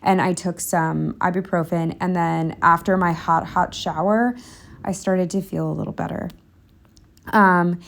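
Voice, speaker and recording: Young woman vlogger, mid pitch, candid rambling voice-over, a bit breathless. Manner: candid, self-deprecating, rambling with fillers. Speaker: planner vlogger. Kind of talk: casual voice-over narration.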